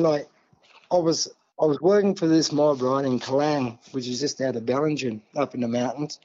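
A man's voice: mid-range voice, darkish tone, highs cut off. A man from Australia with an Australian accent, a podcast guest telling a long story in a rambling, chatty way and swearing freely. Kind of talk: casual storytelling.

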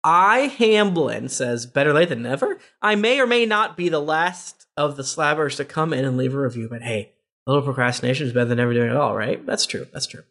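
A man hosting a podcast, reading listener reviews aloud with quick asides and laughter. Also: medium pitch, lively intonation, a bit bright. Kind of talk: casual podcast chat.

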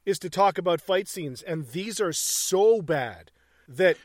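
A podcast co-host, a man, talks in blunt, profane casual chat and laughs often. His voice sits a little high, and the recording is dry and close. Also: lively intonation, unhurried, no echo.

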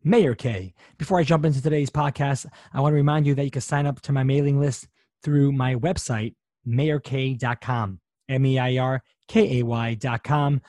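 An upbeat male podcast host who talks in a friendly, chatty way and drops plenty of ums. His pitch sits right in the middle for a man. The recording is dry and close, with no room sound. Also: steady tone, moderate pace, mellow, no room sound. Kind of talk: podcast intro and interview.

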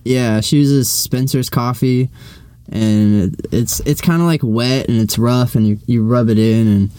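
A man's voice: medium pitch, fairly even intonation, a little slow, warm tone, clean tone, dry recording, studio quality. A young man co-hosting a podcast in casual chat, rambling, restarting sentences and swearing freely. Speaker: podcast co-host.

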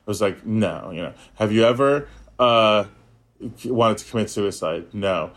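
A young man casually telling a personal story in a chat, animated and acting out the voices of people he quotes. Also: a little slow. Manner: animated storyteller, acts out quoted voices with big pitch jumps. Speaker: podcast guest.

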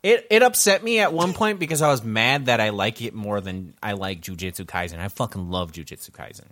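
A young man in casual chat, excitable and profane, swinging between loud bursts and mumbling. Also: fairly low pitch, fairly quick. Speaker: podcast co-host.

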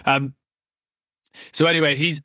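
A man's voice: fairly high pitch, level tone, measured pace, pushed and bright, no echo, clean studio sound. Jokey man rambling about football. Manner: rambling, jokey, laughs often, many restarts. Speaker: podcast host. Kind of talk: casual football podcast chat.

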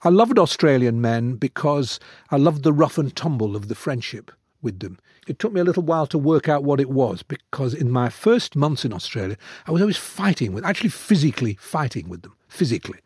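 A man's voice: mid-range voice, brisk, breathy edge, no echo. Older male author, theatrical raconteur, close studio mic, very dry. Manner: animated, theatrical storyteller. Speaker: author guest. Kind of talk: conversational storytelling. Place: radio studio.

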